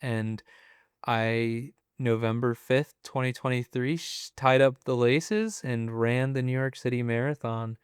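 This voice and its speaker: A man in his twenties, a podcast guest telling his story in a relaxed, chatty way with plenty of fillers. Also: mid-range voice, unhurried, smooth, dry recording, studio quality. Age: 20s. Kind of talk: casual interview storytelling.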